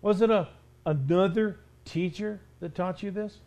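High-voiced stern male preacher. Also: unhurried, a little mellow. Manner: emphatic, rhetorical questions, stern. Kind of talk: sermon.

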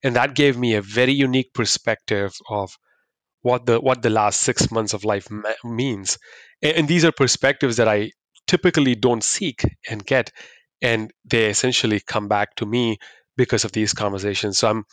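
A man hosting a podcast, speaking thoughtfully and haltingly with many restarts. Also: mid-range voice, a bit bright, dry recording. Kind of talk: reflective podcast conversation.

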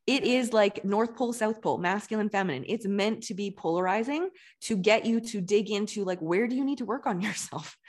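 A woman business coach, a podcast guest, telling stories in an animated way and mimicking other people. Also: mid-range voice, fairly quick, hardly any pauses. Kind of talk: casual interview chat.

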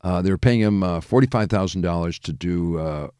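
A man's voice: sits low, a little fast, warm tone, clear, resonant tone, no echo, clean studio sound. A man who hosts a radio morning show, chatting as a guest and telling long anecdotes full of fillers, restarts and laughter. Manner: rambling storyteller with frequent fillers and laughs. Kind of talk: casual anecdotal chat.

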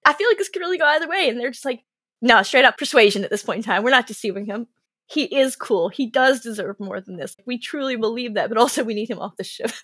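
A fairly high-voiced woman recounts tabletop game stories in an animated, chatty way. She acts out her players' lines as she goes. The sound is dry and close. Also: fast talker, slightly rough, no echo. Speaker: game master. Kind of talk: casual podcast storytelling.

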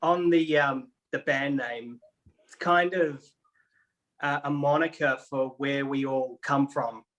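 A New man explains his band's story with plenty of ums and uhs, teasing his bandmate along the way. His voice is bright and forward, sitting in a mid-range pitch. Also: steady tone, slow, low-quality recording. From New Zealand. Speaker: band member. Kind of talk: casual interview.

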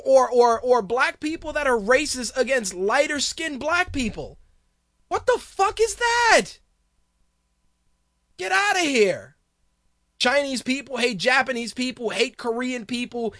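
A man's voice: extremely high pitch, a bit bright, no room sound, clean studio sound. A man hosting a radio show, ranting casually in a heated, profane way with lots of restarts. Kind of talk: casual on-air rant.

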